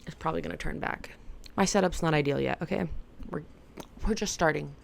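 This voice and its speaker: A woman's voice: low-pitched, a little fast, gravelly, slight background noise. A woman vlogger talking casually and playfully to camera about self-improvement, rambling with lots of "like". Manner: rambling and playful, heavy use of "like".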